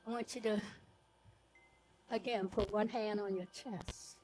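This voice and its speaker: A woman leading a live group breathing workshop, giving slow, soothing cues for each breath. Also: medium pitch, fairly even intonation, darkish tone, a little hiss or hum.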